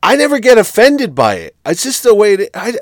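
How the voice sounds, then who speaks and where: Guy chatting fast and animated, kinda high voice, stumbles and repeats himself, dry sound. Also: dry recording. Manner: animated, repeats words and restarts. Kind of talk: casual chat.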